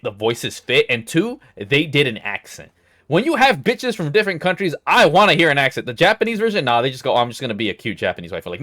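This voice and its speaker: A young man hosting a casual podcast chat, swearing freely and ranting with big swings in pitch. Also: fairly bright tone. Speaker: podcast host.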